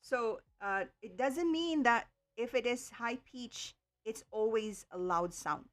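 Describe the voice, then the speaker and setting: Slow, careful woman tutor. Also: on the high side, fairly bright tone. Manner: slow, careful explaining with frequent okays and ums. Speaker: online tutor. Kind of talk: livestream lesson.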